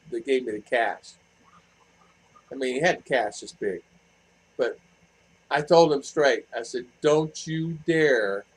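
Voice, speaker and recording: An older man from the United States hosts a relaxed live stream. He chats at a middle pitch in a blunt, rambling way, repeating phrases as he reads comments and tells stories. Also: poor audio. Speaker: vlog host reading live chat. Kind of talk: casual live-stream chat. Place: home in the Philippines.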